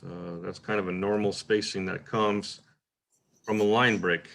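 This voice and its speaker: Hosting a poetry workshop, a man gives a relaxed, informal talk on a point of craft, thinking aloud with plenty of "uh" and "right?" and testing a sample line several ways. His fairly low voice pairs a bright, sharp edge with a rough, gravelly texture, at normal speed.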